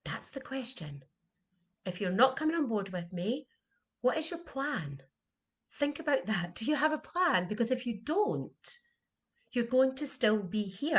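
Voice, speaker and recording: Earnest middle-aged woman coaching. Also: medium pitch. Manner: earnest, heartfelt, repeats questions for emphasis. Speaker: animal communication coach. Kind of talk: motivational talk to camera.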